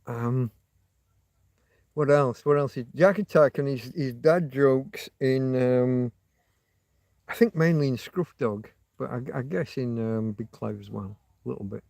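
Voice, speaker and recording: Male livestream host, mid-pitched, dry close sound, rambling and wryly self-mocking. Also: unhurried, gravelly, a little mellow, dry recording. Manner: rambling, wry, self-mocking, hesitant restarts. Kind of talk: rambling live chat with viewers. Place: outdoors in a field. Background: passing motorbike.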